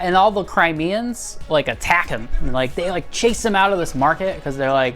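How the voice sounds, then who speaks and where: Low-voiced sarcastic woman reviewer. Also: expressive, a little fast, soft background music. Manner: sarcastic, profane, mocks characters in silly quoted voices. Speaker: video essay host. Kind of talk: comedic movie review.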